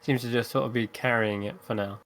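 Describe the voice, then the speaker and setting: A man of middle pitch guides his players through an online tabletop game. He narrates in a loose, chatty way, pausing on fillers as he sets each scene. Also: fairly even intonation, fairly bright tone. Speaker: game master. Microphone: home microphone on an online call.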